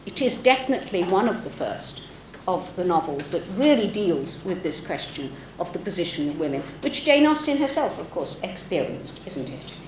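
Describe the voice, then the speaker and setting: A woman lecturer talks through a novel in a thoughtful, expressive way, her pitch moving freely. She pauses on fillers and restarts her sentences. The recording is roomy, a bit dull, with a faint background hum. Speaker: literature lecturer.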